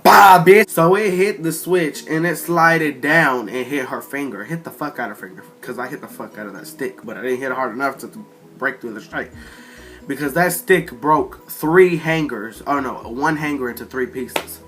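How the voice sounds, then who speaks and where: A man rambles through a storytime monologue in a bright, forceful voice, swearing constantly as he retells what happened. His pitch sits at an ordinary middle height, and faint music plays behind him. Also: normal speed. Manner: profane, rambling, animated retelling. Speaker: storyteller vlogger.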